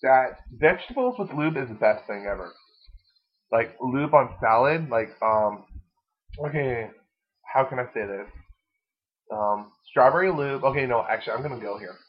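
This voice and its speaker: A man's voice: mid-range voice, expressive, normal speed, husky. A young man hosting a casual podcast, rambling and giggling as he talks crudely. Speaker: podcast host. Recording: lo-fi dull recording.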